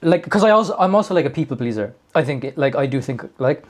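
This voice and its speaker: This is a man in his thirties co-hosting a comedy podcast, his voice a little high, expressive, and quick. He rambles through casual comedic banter, full of fillers and jokes at his own expense.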